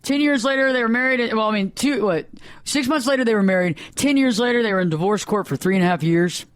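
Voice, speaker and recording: A man hosting a radio talk show, telling anecdotes in lively casual chat and acting out the people in them. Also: high voice, quick pace, clean tone, no room sound. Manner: animated, acts out voices in anecdotes.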